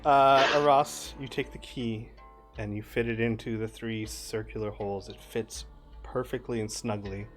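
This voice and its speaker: A man narrating as game master in a relaxed way, with many fillers. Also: on the low side, normal speed, soft background music.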